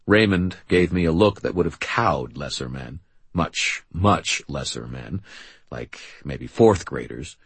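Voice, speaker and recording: A man narrating a novel in the first person with a dry, wry, deadpan delivery. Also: very deep voice, slow pace, vocal fry, breathy edge, no echo. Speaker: audiobook narrator.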